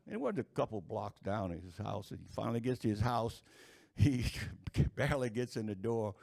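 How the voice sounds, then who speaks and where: A man telling folksy jokes to a live audience, chuckling at his own punchlines in an unhurried drawl. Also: on the low side, animated, gravelly, a little mellow. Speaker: stand-up storyteller.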